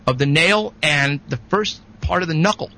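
Male guest, rambling storyteller: gravelly texture, bright edge, lots of restarts. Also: a little high, normal speed, poor audio. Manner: rambling, animated, many restarts. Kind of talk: casual storytelling.

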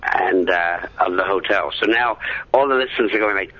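A man talking as a radio show guest, halting and often repeating his words. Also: low-pitched, sharp tone, husky, muffled recording. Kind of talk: casual radio talk.

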